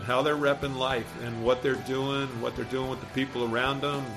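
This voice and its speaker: Enthusiastic male podcast host, roomy echo. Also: medium pitch. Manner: enthusiastic, laughs often. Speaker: podcast host and former coach. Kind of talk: upbeat conversational interview. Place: abroad on a remote call.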